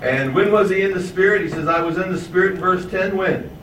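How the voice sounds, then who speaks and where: Male preacher, slightly high voice, teaching sermon, picked up from a distance in a reverberant room. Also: a bit bright, slight background noise. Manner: asks the audience questions, stretches key words slowly for emphasis. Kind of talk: sermon, verse-by-verse Bible teaching. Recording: echoey, distant room mic with faint ambience.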